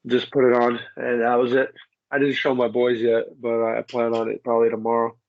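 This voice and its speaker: A man's voice: mid-range voice, completely flat delivery, a little fast, muffled recording, slight background noise. A man, a wrestler guest in a casual interview, speaking while emotional and stressed, from his home basement.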